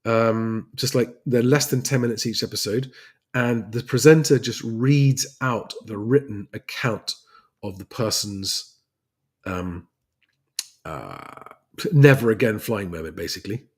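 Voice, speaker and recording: A man's voice: on the low side, unhurried, darkish tone, slightly rough. An English man hosting a casual livestream, chatting loosely with plenty of fillers and restarts as he answers viewer questions. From England. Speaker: livestream host and private pilot.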